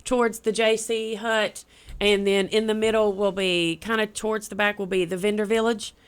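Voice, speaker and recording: A bubbly young woman talks in a chatty, upbeat way as a radio guest. Her voice is smooth and clear, and she tends to circle back and repeat her words. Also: mid-range voice, level tone, normal speed. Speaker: event organizer guest. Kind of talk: casual radio interview.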